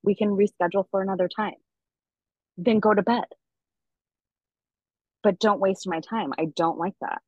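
A woman's voice: mid-range voice, steady tone, normal speed, pauses often, husky, dry recording, dull audio. A woman co-hosting a podcast, telling a story in a candid, profane, casual way with lots of fillers. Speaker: podcast co-host. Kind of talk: casual chat.

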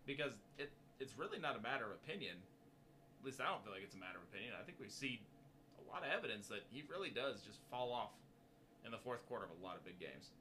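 A man's voice: medium pitch, big pitch swings, fast talker, sharp tone, a little hiss or hum. A man co-hosting a casual sports talk show, easygoing and joking. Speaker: podcast co-host.

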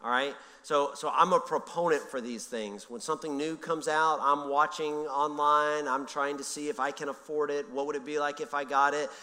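A man's voice: on the high side, normal speed, hardly any pauses, big-room sound. A middle-aged man preaching a conversational sermon as pastor, telling stories with frequent restarts and repeated words. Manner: conversational, self-interrupting, animated storytelling.

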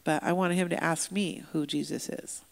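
Woman interpreting a sermon out loud, bit of fry in her voice, long churchy reverb. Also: deep voice, moderate pace. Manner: lively storytelling with voiced quotes. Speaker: sign language interpreter voicing a deaf pastor. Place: church sanctuary.

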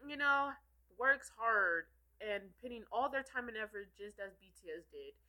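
A woman's voice: a little high, lively intonation, moderate pace, pushed and bright, low-quality recording. A woman co-hosting a casual chat, rambling and chatty with lots of fillers. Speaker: podcast co-host.

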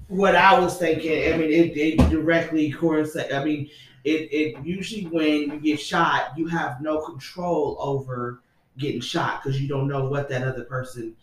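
Man explaining dream meanings, echoey room. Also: mid-range voice. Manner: explaining, thoughtful. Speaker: podcast co-host. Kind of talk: casual chat, reading an interpretation. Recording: echoey room with faint noise.

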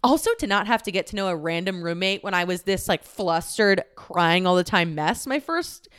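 A young woman hosting a podcast, chatting candidly about her own life in a lively, laughing way with casual swearing. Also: on the low side, moderate pace, clear, resonant tone. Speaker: podcast host. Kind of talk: candid personal storytelling.

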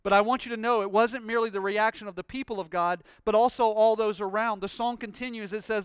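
A man preaching a sermon, telling a personal story and rising into loud, joyful praise. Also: sits high, steady tone, quick pace, hardly any pauses, clean tone, no echo, studio quality. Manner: exuberant, shouting praise. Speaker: pastor.

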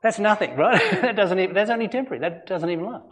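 A man's voice: sits high, lively intonation, fast talker, a bit bright. A man, a pastor giving an earnest, conversational sermon full of rhetorical questions. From Australia.

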